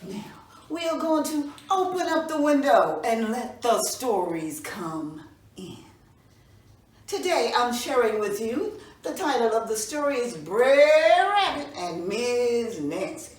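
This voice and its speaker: A woman storyteller telling a folk tale for children, expressive and folksy, her voice fairly high and rising and falling widely. She sounds distant from the mic in a roomy space, with faint noise behind her. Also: slow.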